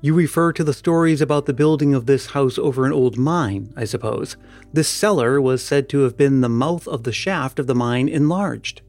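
A man's voice: medium pitch, moderate pace, darkish tone, soft background music, lightly acted. A man reading the lines of a distressed mine owner in a storybook, subdued and weak in manner. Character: distressed middle-aged male mine owner.

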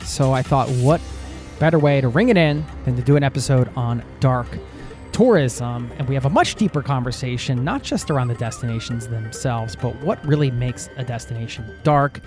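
A man's voice: mid-range voice, moderate pace, a little mellow. Male podcast host, upbeat and casual, faint music underneath. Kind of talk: podcast intro and casual interview.

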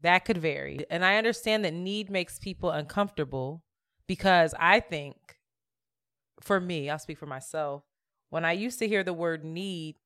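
A woman's voice: lowish voice, normal speed, a bit bright, clear, resonant tone, no room sound, clean studio sound. A woman co-hosting a podcast in casual chat, laughing often as she reads out episode summaries. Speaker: podcast co-host.

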